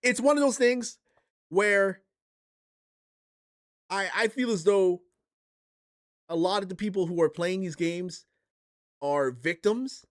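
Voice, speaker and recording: A man's voice: high-pitched, slow, long pauses. A man hosting a livestream, ranting casually and profanely, with rambling restarts. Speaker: streamer and podcast host.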